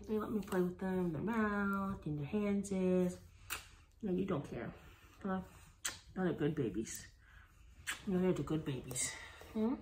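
A woman, a dog breeder chatting casually and using sweet baby talk. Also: mid-range voice. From Texas. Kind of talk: casual vlog narration. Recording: echoey room with faint noise.

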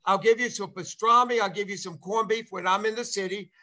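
A man's voice: high voice, fairly even intonation, a little fast, bright, forceful tone. An older man hosting a casual video-call chat, rambling along with lots of repeated fillers. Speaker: show host and former player.

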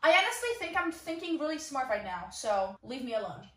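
A woman's voice: high voice, sing-song, brisk, roomy sound. A young woman chatting casually as a book vlogger, bubbly and chatty with dramatic exclamations, recorded in her bedroom. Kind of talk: casual vlog chat.

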